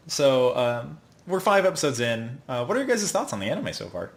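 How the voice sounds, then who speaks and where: A mid-pitched man hosting a casual podcast, recapping an episode in a loose, rambling way. He laughs often and drops into quick voices for the characters. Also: sing-song. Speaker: podcast host.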